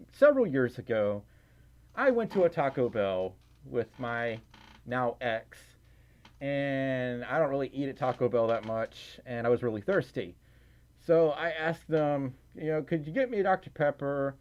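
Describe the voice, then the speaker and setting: A man's voice: mid-range voice, darkish tone, dull audio. A man casually reading and answering viewer chat on a livestream, giggling and rambling with lots of fillers. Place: indoors at home, in a fursuit.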